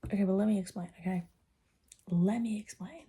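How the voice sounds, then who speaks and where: A woman's voice: medium pitch, fairly quick, warm tone, breathy edge. A young woman vlogging in casual, rambling chat, swearing freely and often dropping into a whisper. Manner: rambling and profane, drifts into whispers.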